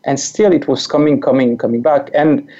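Speaking with a French accent, this life coach from France, in his forties, guests on a podcast for a relaxed conversation, laughing often and repeating words as he gropes for the right one. His voice is warm and medium-pitched, with fairly even intonation and a moderate pace, captured in dull lo-fi audio.

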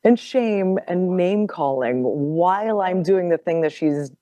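A woman guest on a podcast telling a personal story in casual conversation. She is animated, laughs often and repeats words as she goes. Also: lowish voice, slow pace, no room sound.

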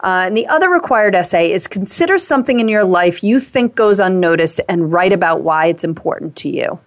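A woman's voice: on the low side, animated, brisk. A woman hosting a radio talk show, upbeat and organized as she sets up segments.

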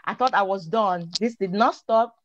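A woman, a guest telling her personal story in an animated, quick way. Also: mid-range voice, slight background noise. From Nigeria. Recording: dull lo-fi recording.

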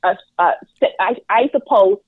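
A woman's voice: medium pitch, normal speed, slightly rough, no room sound. A woman from North Carolina with a light Southern accent, a sex educator talking as a podcast guest, chatty, with many fillers and restarts. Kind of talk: podcast interview. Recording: tinny phone-line sound.

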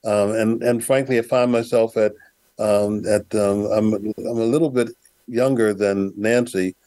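Low-voiced older man with dark tone. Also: steady tone, measured pace, dry recording. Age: 70s. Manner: hesitant, many fillers and restarts. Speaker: guest. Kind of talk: casual interview talk.

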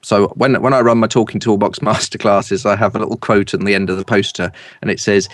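A middle-aged man from East London with a polished southern English accent, a broadcaster and speaker coach telling lively anecdotes in an interview. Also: on the low side, dry recording, clean studio sound. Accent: standard southern English. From East London, England. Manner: lively, anecdotal, quick to laugh.

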